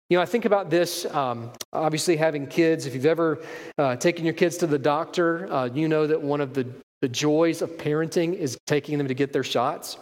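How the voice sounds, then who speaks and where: A man's voice: on the high side, in a large hall. A man in his thirties preaching a conversational sermon as pastor, acting out quoted voices.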